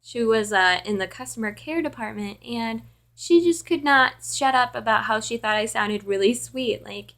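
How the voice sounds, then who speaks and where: Young woman, casual vlog, chatty, tired, lots of fillers, slightly high voice. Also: normal speed, fairly bright tone. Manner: chatty, fills talk with "like". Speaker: call center worker.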